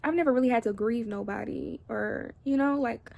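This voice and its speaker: In an emotional, confiding chat filmed indoors at home, a young adult vlogger speaks directly to her viewers, rambling and crying now and then. She has a fairly high, darkish voice with vocal fry, at a moderate pace.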